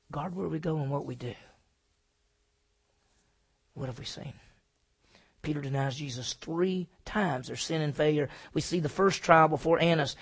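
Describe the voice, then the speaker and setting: Gravelly, husky preacher man. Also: on the high side. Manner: swings from loud emphatic preaching to hushed, near-whispered lines; asks the congregation questions and answers them himself. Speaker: pastor. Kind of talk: sermon.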